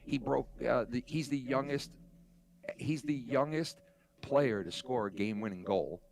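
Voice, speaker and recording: A man in casual podcast chat, rambling and excitable, swearing and saying "bro" often. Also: medium pitch, unhurried. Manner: rambling, profane, excitable, says "bro" a lot.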